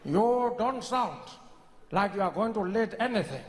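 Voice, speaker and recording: A man doing a slow, grand, dryly teasing elderly statesman in a stand-up impression, dragging out every word. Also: high-pitched, animated, in a large hall, some chatter behind, a little hiss or hum. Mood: amused coaching. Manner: slow, drawn-out, deliberate delivery with long pauses.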